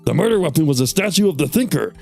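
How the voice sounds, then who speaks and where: Man putting on a higher, eager detective voice, eager to please, ends lines with sir. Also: big pitch swings, fast talker, vocal fry, warm tone, soft background music. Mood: earnest. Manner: keeps tacking on "sir". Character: eager dim male police detective.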